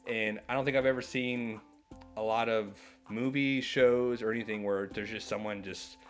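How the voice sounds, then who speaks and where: Man co-hosting a comic-book chat, fairly low voice, animated, acts out lines, soft music bed. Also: normal speed. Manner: animated, acts out characters' lines while retelling. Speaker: podcast co-host.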